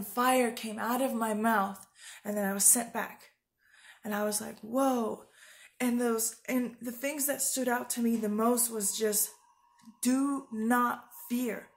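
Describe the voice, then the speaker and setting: A woman's voice: a little high, fairly even intonation, moderate pace. A woman preaching informally to her viewers, earnest and urgent, rambling with fillers and restarts. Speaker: Christian video preacher.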